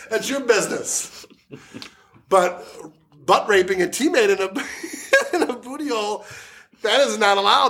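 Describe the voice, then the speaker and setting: A man's voice: high voice, a bit bright. A man hosting a casual sports podcast, joking crudely and laughing often. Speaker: podcast host.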